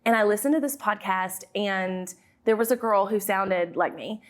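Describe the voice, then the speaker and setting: A woman in her thirties with a thick Southern American accent, a guest in a casual podcast interview, talking in a chatty, animated way. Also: mid-range voice, moderate pace. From Southern United States. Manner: chatty and animated, acts out her own past lines. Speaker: guest, YouTube creator and business owner.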